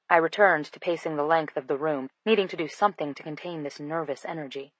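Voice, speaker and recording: Woman narrator, low voice, expressive comic storytelling, dry close-miked sound. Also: fast, hardly any pauses, no echo, rough recording. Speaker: audiobook narrator. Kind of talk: first-person scripted narration.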